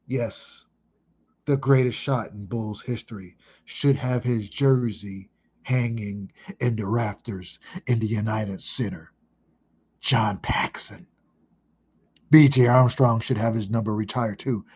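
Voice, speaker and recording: A man in his thirties from Chicago, reminiscing casually in an emphatic, excitable way with heavy swearing. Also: medium pitch, husky, muffled recording. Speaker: vlogger.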